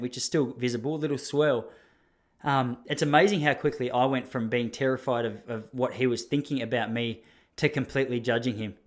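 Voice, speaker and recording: Rambling Australian man telling stories. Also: medium pitch. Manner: rambling, self-deprecating, often breaks into laughter. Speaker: podcast host. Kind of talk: casual storytelling monologue.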